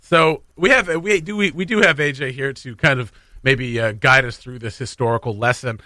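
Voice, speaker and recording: In a radio studio, a man hosts a morning show with a medium-pitched, sharp-toned voice in a dry recording. His manner is chatty and self-mocking, full of laughs and casual tangents.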